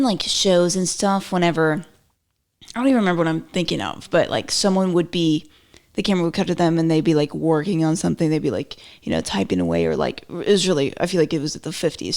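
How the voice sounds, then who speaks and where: A woman's voice: deep voice, lively intonation, fast talker, a little mellow. A woman hosting her own podcast, talking in a chatty, rambling way with many "like"s and playful asides. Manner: chatty, rambling, self-interrupting with lots of "like"; playful, slips into mock voices for quotes. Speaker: podcast host. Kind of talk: casual solo commentary.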